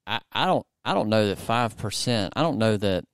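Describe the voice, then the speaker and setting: Male host, casual interview chat, low voice, clear and resonant, rambling with fillers. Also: lively intonation, moderate pace, dry recording, clean studio sound. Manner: rambling, many fillers and restarts. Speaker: podcast host.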